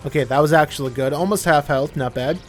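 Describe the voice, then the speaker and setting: A young man with a voice on the high side talks fast while playing a video game, giving rambling let's-play commentary. He's chatty and keeps correcting himself mid-sentence. Faint music sits behind him.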